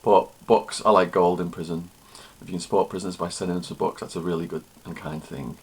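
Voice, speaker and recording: A man's voice: sits low, steady tone, quick pace, a little mellow, husky. A man, a former prisoner and author, answering questions and telling stories to camera in a plain, matter-of-fact way. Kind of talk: storytelling to camera.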